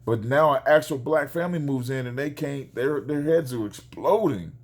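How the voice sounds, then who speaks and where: A man, a father, telling a neighbor story in a casual vlog, animated and acting out the quoted exchanges. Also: mid-range voice, normal speed.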